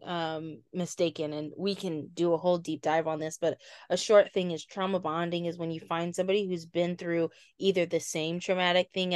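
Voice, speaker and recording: Low-voiced woman co-hosting a podcast. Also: smooth, dry recording, studio quality. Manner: explains calmly with examples and quoted dialogue. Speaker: podcast co-host. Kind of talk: casual chat.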